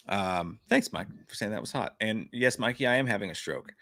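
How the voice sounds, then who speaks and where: A young man co-hosting a live talk show, telling rambling, crude stories. His voice is bright and forceful, with lots of pitch movement. The sound is close and dry. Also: brisk, no echo. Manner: rambling, crude, lively storytelling. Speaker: podcast co-host. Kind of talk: casual live-show chat.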